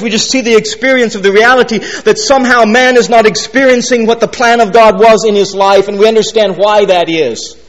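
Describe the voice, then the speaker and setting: A man preaching an expository sermon, emphatic, repeating key phrases and dropping low and quiet to stress a point. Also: highs cut off. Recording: long reverb of a large hall.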